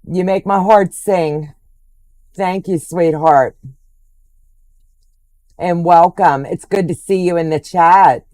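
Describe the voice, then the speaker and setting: A woman's voice: on the low side, slow pace, pauses often, darkish tone, no echo. An older woman hosting a quilting livestream, chatting casually and gushing affectionately over viewers' comments.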